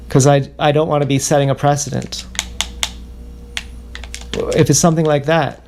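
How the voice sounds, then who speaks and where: A man talks through a halting, self-questioning confessional ramble, circling back over the same words again and again. His voice sits a touch high for a man and has a gravelly, fry-laden edge. Faint background noise and keyboard clicks sit under it. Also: steady tone, a little mellow. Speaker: livestreamer.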